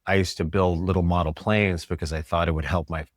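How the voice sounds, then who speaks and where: A man's voice: deep voice, brisk, no echo, studio quality. A middle-aged man from New York, a chiropractor guesting on a podcast, telling stories in a casual interview and acting out the voices of people he quotes. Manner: animated storyteller, acts out quoted voices.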